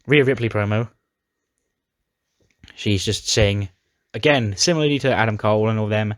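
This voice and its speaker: Low-voiced man recapping a wrestling sim. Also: normal speed, pauses often, no echo, studio quality. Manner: chatty, dramatic retelling of storylines. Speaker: gaming YouTuber.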